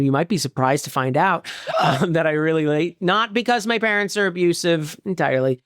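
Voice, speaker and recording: A young adult man co-hosting a casual film podcast, chatty and quick to interrupt himself with giggly asides. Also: on the high side, fairly bright tone, dry recording, studio quality. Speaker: podcast co-host.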